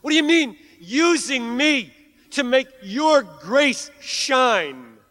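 A preacher putting on a whiny aggrieved churchgoer. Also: male voice, extremely high pitch, expressive, slow pace, bright, forceful tone, big-room sound, pitched above the performer's own voice, heavily acted. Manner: complaining, demanding. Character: whining self-centered churchgoer, adult man, aggrieved. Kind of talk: sermon.

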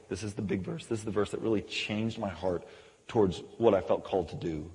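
A man preaching a sermon, animated and joking, who often drops into quieter asides between scripture readings. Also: lowish voice, fast. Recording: long echoey hall reverb.

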